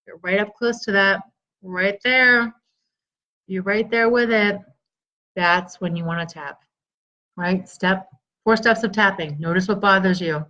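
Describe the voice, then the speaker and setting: Energetic woman coaching a live stream. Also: fairly low pitch, normal speed, lo-fi sound. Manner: energetic, coaching, greets viewers by name. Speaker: stress relief coach. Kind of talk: live-stream talk to viewers.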